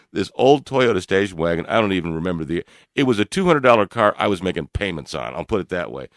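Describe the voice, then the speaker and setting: An older man co-hosting a radio talk show, telling a personal story in an animated way with frequent laughs and fillers. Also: on the low side, dry recording, studio quality. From Louisville, Kentucky area. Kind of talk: storytelling in casual chat.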